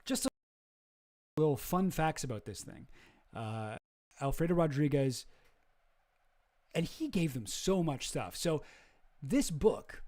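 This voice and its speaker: A man's voice: a little high, big pitch swings, slow pace, pauses often, darkish tone. A man streaming casual commentary, rambling and hesitant, swearing freely.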